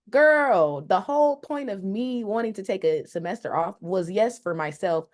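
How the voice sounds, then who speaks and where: Lively low-voiced woman with a Detroit accent. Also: moderate pace, few pauses. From Detroit, Michigan. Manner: animated, laughs often, acts out quoted voices. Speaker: podcast co-host. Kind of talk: casual chat.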